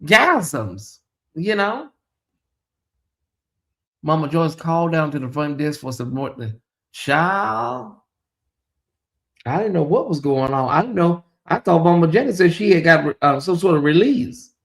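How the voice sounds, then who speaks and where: A man's voice: on the high side, lively intonation, normal speed. A man hosting a casual livestream, chatting animatedly and reading out viewer comments with exclamations and asides. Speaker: livestream show host.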